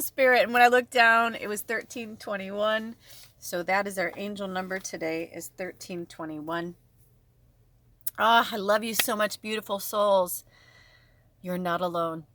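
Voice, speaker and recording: A woman's voice: medium pitch, unhurried, fairly bright tone. A woman giving an emotional spiritual card reading, speaking straight to her viewers with a gushing manner. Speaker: tarot reader.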